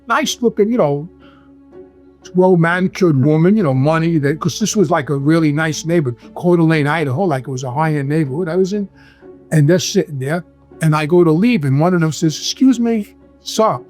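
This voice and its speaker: Here a New York–accented man speaks in a slightly high, darkish voice. As a guest recounting his life, he rambles through casual stories and performs the quoted lines himself.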